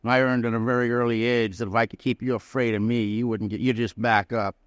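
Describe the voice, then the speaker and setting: Folksy guy telling his sobriety story to a crowd, smooth clear voice, dry sound. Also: medium pitch, flat delivery, quick pace, no echo. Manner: folksy, plain-spoken storytelling with Southern-style grammar. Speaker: recovery convention speaker. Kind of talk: personal recovery story told to a live audience. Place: prison hall.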